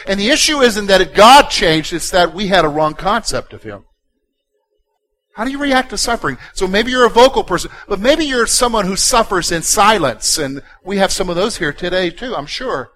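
A pastor preaching a sermon, swinging from quiet, intimate passages to loud, emphatic ones. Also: male voice, high voice, expressive, normal speed, rough recording.

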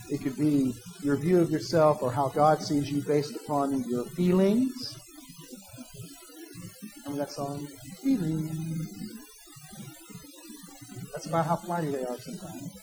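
Male pastor, high-pitched voice, conversational sermon delivery. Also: moderate pace, pauses often, music in the background, rough recording. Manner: conversational preaching, personal asides, quoting imagined voices.

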